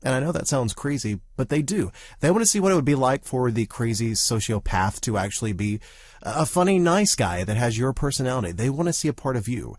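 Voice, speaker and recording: A man who grew up in the Southern United States, talking as a podcast co-host in a casual chat, animated and full of restarts. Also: mid-range voice, fairly quick, no echo, studio quality.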